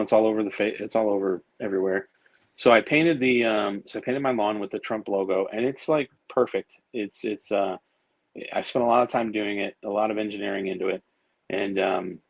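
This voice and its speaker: A podcast guest with a gravelly, lowish voice talks fairly quickly, rambling through casual stories full of fillers and restarts, with occasional profanity. The low-quality recording has no room sound.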